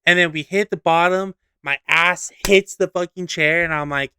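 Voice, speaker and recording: A young man co-hosting a podcast, telling a story in a lively, casual way, swearing freely and acting out scenes. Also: a little high, normal speed, hardly any pauses, clear, resonant tone, no room sound. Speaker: podcast co-host.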